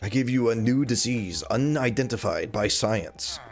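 A man's voice: mid-range voice, animated, normal speed, gravelly, over music. A man chatting casually to his viewers on a live gaming stream, rambling and joking as he plays. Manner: rambling, jokey, talking to chat while playing.

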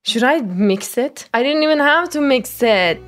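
A young woman streamer giving excitable commentary on her game pulls, pleading and squealing as the results come in. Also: high voice, measured pace, soft background music. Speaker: gaming content creator. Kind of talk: excited gacha-pull commentary.

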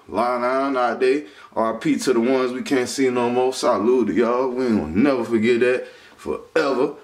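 A man talks casually into his vlog in a mid-pitched voice. He is slangy and profane, fires off shout-outs, and pushes hard on business advice. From the Carolinas. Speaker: vlogger starting a business.

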